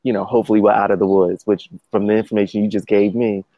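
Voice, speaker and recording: A man's voice: fairly low pitch, flat delivery, quick pace, warm tone, no room sound, poor audio. A man chatting casually, laughing often and rambling with restarts. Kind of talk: casual chat.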